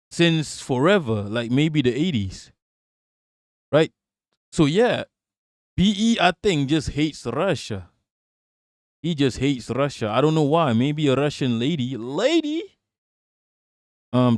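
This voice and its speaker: A man's voice: fairly high pitch, lively intonation, unhurried, no echo, studio quality. A man hosting a livestream, reading viewer comments aloud and answering them in a rambling, profane way. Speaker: livestream host.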